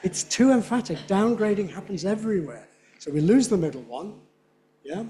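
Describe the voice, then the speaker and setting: Lively man giving a lecture. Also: high voice, moderate pace. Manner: lively, demonstrative, checks in with audience often. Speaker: linguistics lecturer. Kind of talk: conference lecture.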